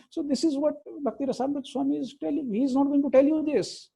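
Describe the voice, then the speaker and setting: A man's voice: very high-pitched, normal speed, gravelly, warm tone, rough recording. A middle-aged man with an Indian accent giving an informal religious class, mixing Hindi and English and telling stories with acted-out quotes. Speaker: spiritual teacher.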